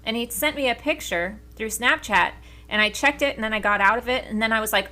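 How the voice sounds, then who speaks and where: A chatty woman co-hosts a casual podcast with a bright, clear tone. She tells everyday stories in an animated way and laughs easily. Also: mid-range voice, a little fast. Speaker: podcast co-host.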